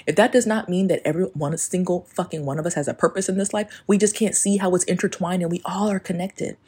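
Husky, mellow-voiced woman podcaster. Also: lowish voice, fast, hardly any pauses. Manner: emphatic, profane, breaks into singing song lyrics. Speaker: podcast host. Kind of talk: casual spiritual podcast monologue.

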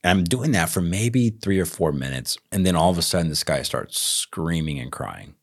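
Low-voiced texas dude on a podcast, chatty, acts out the quotes. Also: male voice, moderate pace, few pauses, slightly rough. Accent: Texan. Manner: animated storyteller, acts out quoted lines, laughs often. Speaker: podcast co-host. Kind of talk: casual storytelling.

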